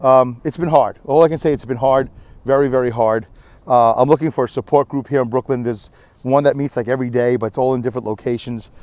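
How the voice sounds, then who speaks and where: A middle-aged man speaks at an ordinary pitch in a tired, rambling way, like an outdoor vlog shot on a handheld camera. His talk is candid and a little self-mocking, with plenty of fillers. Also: fairly even intonation, quick pace, darkish tone, no room sound. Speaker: vlogger. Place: windy beach outdoors.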